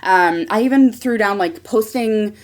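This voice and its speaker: A woman in her twenties co-hosting a podcast in casual chat, animated and swearing, acting out her own past thoughts in a high voice. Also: a little slow. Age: 20s. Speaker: podcast co-host.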